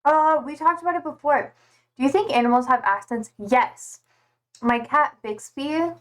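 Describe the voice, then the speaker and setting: A woman chatting casually on a live stream, playful and giggly. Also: high voice. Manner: giggly and playful, slow drawn-out talk.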